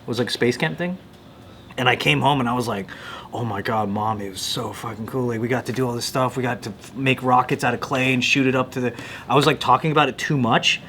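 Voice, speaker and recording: A man in his thirties telling animated, swearing stories in a casual comedic chat. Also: mid-range voice, fast talker, slight background noise. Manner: animated storytelling, swearing, acts out quotes. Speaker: podcast co-host.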